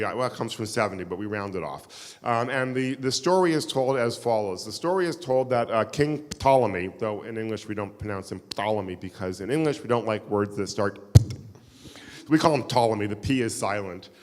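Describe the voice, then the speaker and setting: A man's voice: medium pitch, lively intonation, a little fast. Man lecturing in a reverberant hall. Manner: engaging, quizzes the audience, wry asides. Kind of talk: live keynote lecture. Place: synagogue hall with live audience.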